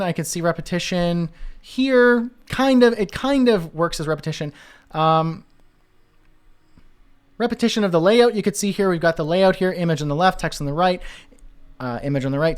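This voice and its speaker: A man's voice: high-pitched, clean tone. A man teaching web design, talking casually through a screen-share walkthrough and thinking aloud with fillers and restarts.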